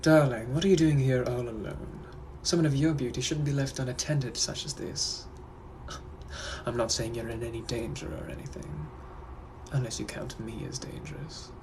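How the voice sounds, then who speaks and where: A man voicing a suave, menacing Victorian gentleman butler with a put-on British accent, in whispered role-play, speaking slow, hushed and deliberate. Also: medium pitch, natural voice. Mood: flirtatious. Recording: noisy background hiss.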